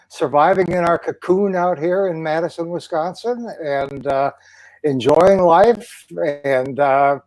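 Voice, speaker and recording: An older man as an interview guest, talking slowly with many fillers and pauses. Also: a little high, a little mellow, no echo, poor audio. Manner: slow, hesitant with many fillers. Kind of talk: conversational interview.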